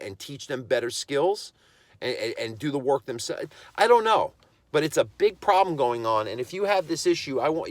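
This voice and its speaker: A man's voice: medium pitch, no room sound. Blunt, impassioned man on a podcast. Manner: impassioned ranting, blunt and emphatic. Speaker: podcast host and dog trainer. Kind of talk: solo podcast monologue.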